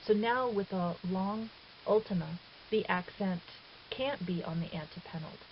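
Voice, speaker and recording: A woman's voice: medium pitch, unhurried. A woman teaching a recorded grammar lesson, explaining step by step in a patient, methodical way. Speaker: Greek teacher. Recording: dull lo-fi audio with faint hiss.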